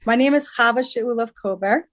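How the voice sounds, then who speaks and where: A woman's voice: a little high, moderate pace. A woman from Long Island, a matchmaker and dating coach, co-hosting a podcast in an upbeat, bubbly way. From Long Island, New York. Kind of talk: casual podcast chat.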